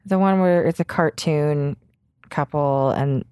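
A woman's voice: deep voice, slow pace, dark tone, smooth, no room sound, studio quality. A woman co-hosting a podcast in casual chat, rambling, laughing often and swearing freely. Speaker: podcast co-host.

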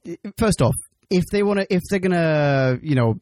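A man's voice: fairly high pitch, animated, normal speed, darkish tone, dry recording. A man co-hosting a casual podcast, rambling and joking with a ready giggle. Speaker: podcast co-host. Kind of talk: casual chat.

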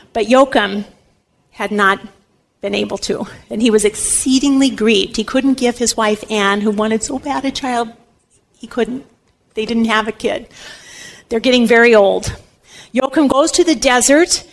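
A woman giving a religious teaching talk, telling a story with lively energy and acting out the lines of the people in it. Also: fairly high pitch. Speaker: Catholic teacher.

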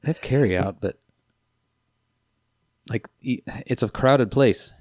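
A man's voice: medium pitch, takes it slowly, a little mellow, dry recording, clean studio sound. A man co-hosting a podcast in casual chat, with wry, joking remarks. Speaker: podcast co-host. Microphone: headset mic.

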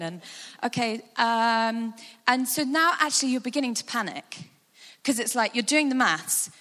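A woman speaker giving a guided imagination talk, animated and conversational with frequent fillers. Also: fairly high pitch, moderate pace. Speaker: church speaker. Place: large hall with a sound desk. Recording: long hall reverb.

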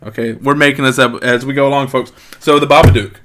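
A man's voice: medium pitch, fairly even intonation, fast, fairly bright tone, slight background noise. A man in his late thirties hosting a casual podcast chat, joking and rambling with frequent ums. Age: 30s. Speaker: podcast host.

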